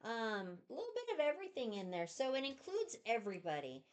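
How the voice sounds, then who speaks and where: A woman chats alongside her co-host in a relaxed board game review. Her voice is a little higher than most, and she drops supportive asides with frequent ums. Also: a little fast. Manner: chatty, supportive, hesitant fillers. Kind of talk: casual review chat.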